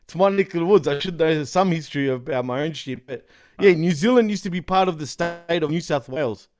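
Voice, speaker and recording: A man with an Australian accent, a podcast guest talking in an animated, slangy way with plenty of swearing, often slipping into other accents. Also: on the high side, a little fast. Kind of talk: casual chat.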